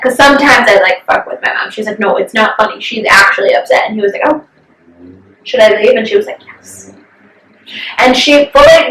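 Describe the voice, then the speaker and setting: A woman's voice: fairly high pitch, fairly bright tone, roomy sound, distant mic, poor audio. A young woman co-hosting a podcast, chatting candidly, swearing freely and acting out what others said. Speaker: podcast co-host. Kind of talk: casual chat.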